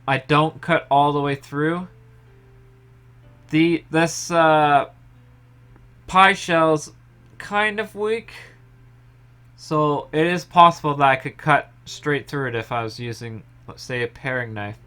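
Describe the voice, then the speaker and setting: Relaxed man explaining a home baking recipe. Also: on the high side, takes it slowly, long pauses, clear, resonant tone. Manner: relaxed step-by-step explaining, trailing off softly. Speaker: home baker. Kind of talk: casual cooking tutorial. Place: home kitchen.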